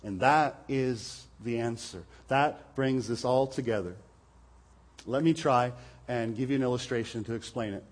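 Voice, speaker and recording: In a church hall, a pastor delivers a sermon from the pulpit, speaking into its microphone. His mid-range voice moves unhurriedly as he explains things earnestly and poses rhetorical questions.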